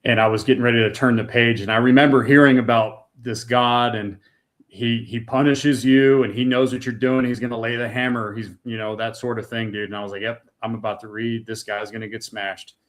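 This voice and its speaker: A man's voice: mid-range voice, fairly even intonation, fairly quick. A middle-aged man giving an emotional personal testimony as a podcast guest, talking casually with words like "dude" and "man".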